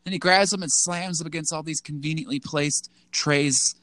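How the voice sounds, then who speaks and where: A man's voice: a little high, fairly even intonation, normal speed, sharp tone, no echo. A man co-hosting a casual podcast, rambling with lots of "like" and restarts. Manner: rambling, full of "like" and restarts, acts out quotes in a goofy voice. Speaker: podcast co-host. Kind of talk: casual chat.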